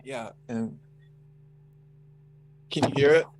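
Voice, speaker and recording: A man's voice: medium pitch, slow, soft background music, low-quality recording. Easygoing male co-host, mid-range voice, casual banter. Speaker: podcast co-host. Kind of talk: casual chat.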